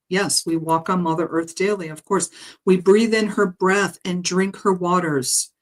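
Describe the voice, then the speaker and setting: A woman who works as a spiritual healer, passing on meditation messages in a gentle, halting way with frequent pauses and fillers. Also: fairly low pitch, fairly even intonation, poor audio. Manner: gentle, halting, with frequent ums and soft laughs. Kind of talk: guided meditation message reading. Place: home live stream.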